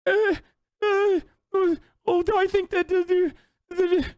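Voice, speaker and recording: A man mockingly voicing a nervous, stammering young man in a debate, high and quavering. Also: flat delivery, takes it slowly, darkish tone, no echo. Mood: nervous, whiny.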